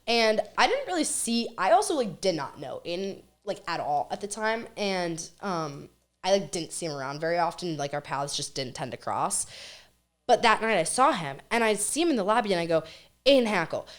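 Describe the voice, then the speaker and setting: Young college woman, kinda low voice, rambling animated story with quotes, podcast guest. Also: fairly quick. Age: young adult. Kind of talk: casual storytelling chat.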